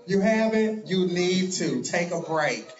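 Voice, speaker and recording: A man's voice: high-pitched, animated, slow pace, over music. A man, a drag performer, chatting casually and laughing while answering fan questions on a live stream. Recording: echoey, dull live-stream audio.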